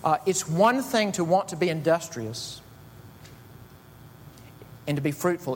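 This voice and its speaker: A male pastor delivering a sermon with a slightly high voice that climbs sharply on stressed words. The sound carries a long hall reverb with a faint low rumble underneath. His delivery is emphatic and builds in intensity. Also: animated, a little slow, pauses often. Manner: emphatic, rising to high bursts on key words.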